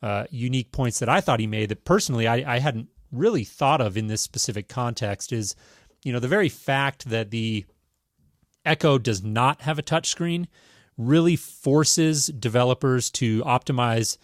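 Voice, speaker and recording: A man hosting a tech podcast, reading a news item and then chatting about it in a measured, casual way. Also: medium pitch, no room sound, studio quality. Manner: measured, reads news items then riffs. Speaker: podcast host.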